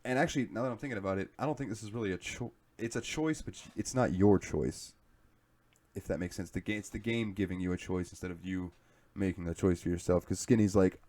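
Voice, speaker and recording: Casting: deep-voiced southern guy, podcast co-host, loose profane storyteller. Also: brisk, darkish tone. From southern United States. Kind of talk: casual chat.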